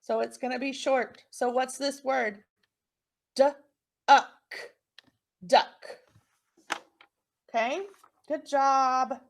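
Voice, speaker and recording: A woman teaches young children phonics in a recorded lesson, encouraging them while slowly sounding out words. Her voice sits high, her intonation is fairly even, and there is vocal fry.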